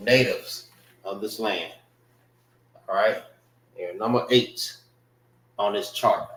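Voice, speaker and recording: Slow-teaching man in echoey room. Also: fairly low pitch, a bit bright. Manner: unhurried, repeats words to drill pronunciation. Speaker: class teacher.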